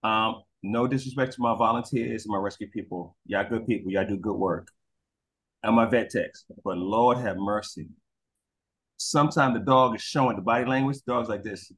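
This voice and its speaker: A man telling stories in a casual interview as a guest. He swears freely and acts out dogs and people in quick voices. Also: fairly low pitch. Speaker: guest, crime scene investigator. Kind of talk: animated storytelling in casual interview.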